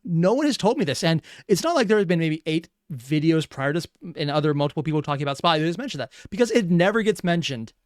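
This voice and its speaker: A man hosting a reaction video, chatting casually and excitably and swearing freely. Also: a little high, fast talker, hardly any pauses, no room sound, studio quality.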